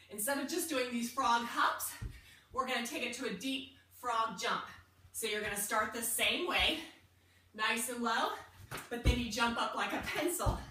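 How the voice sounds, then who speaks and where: A young woman leads an at-home workout in a bright, lively voice, cheering the listener on while catching her breath between moves. Her voice is fairly high and sharp. It bounces around an echoey room, heard from some way off the mic. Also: far from the mic. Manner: upbeat, encouraging, chatty between moves. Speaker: fitness coach.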